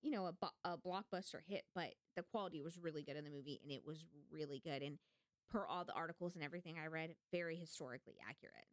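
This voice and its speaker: A woman co-hosting a podcast in casual chat, telling stories with lively acted-out quotes and free swearing. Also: low-pitched, fast talker, dry recording, clean studio sound. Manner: animated storytelling, swears freely. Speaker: podcast co-host.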